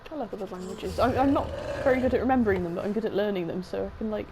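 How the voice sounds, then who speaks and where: A young woman, commentating on a game she is playing, excitable and swearing often, with a sore throat. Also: medium pitch, racing, background noise. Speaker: game streamer. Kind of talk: let's-play commentary.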